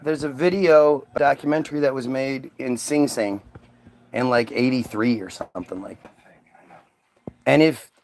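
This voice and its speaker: A man's voice: medium pitch, moderate pace, darkish tone, a little hiss or hum. A middle-aged man hosting a podcast in casual chat, talking in a rambling, emphatic way with plenty of swearing. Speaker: podcast host.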